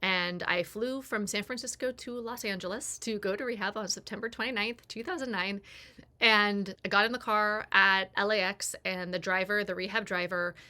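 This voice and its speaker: A woman in her forties speaks in a bright, clear-edged voice with a middle pitch. She tells a personal story candidly and confessionally, slipping into the voices of the people in it as she goes. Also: fairly even intonation, normal speed. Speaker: personal growth creator.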